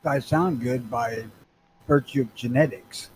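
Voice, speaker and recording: Co-host, man, mid pitch, deadpan dry wit, recorded outdoors with faint ambience. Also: measured pace, a little hiss or hum, rough recording. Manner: deadpan, dry one-liners. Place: outdoors near a street.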